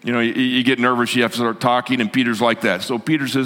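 Pastor guy preaching, bright voice, goes loud then hushed, big hall echo. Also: medium pitch, fast talker, hardly any pauses. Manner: animated, swinging from loud to hushed. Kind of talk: sermon.

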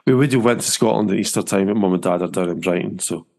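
A man's voice: low voice, fast talker, vocal fry, a little mellow. A man hosting a casual football podcast, rambling and chatty with frequent restarts. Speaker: podcast host.

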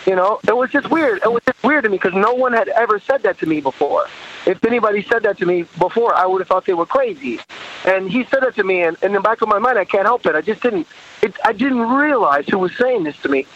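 A man, a horn arranger, telling stories in an interview, animated, laughing often and acting out what others said. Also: sits high, fast, lo-fi sound, a little hiss or hum. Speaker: guest musician, horn arranger. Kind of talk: storytelling interview.

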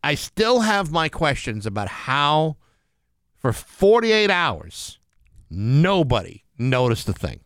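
A man's voice: fairly high pitch, sing-song, takes it slowly, fairly bright tone, dry recording. A man hosting a morning radio show, giving time checks and trading dry, sarcastic banter with his co-host. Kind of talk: casual radio banter with announcements. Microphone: studio microphone.

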